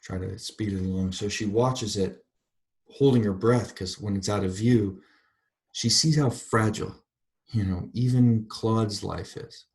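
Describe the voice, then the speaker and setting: A man giving a university literature lecture, reading passages aloud and pausing to explain them in a thoughtful, digressive way. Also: lowish voice, steady tone, a little mellow.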